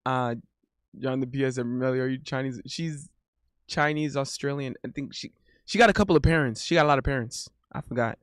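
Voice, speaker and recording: A man's voice: medium pitch, a little fast, dry recording, studio quality. A man streaming live and chatting casually, reading viewer messages aloud, joking, laughing often and repeating himself.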